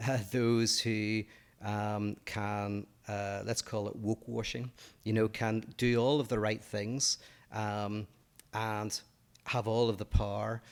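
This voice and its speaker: A man co-hosting a podcast, thinking aloud about politics and philosophy, with many pauses and fillers. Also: fairly low pitch, flat delivery, smooth. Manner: thoughtful, hesitant, many fillers. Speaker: podcast co-host. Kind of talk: casual discussion of politics and philosophy.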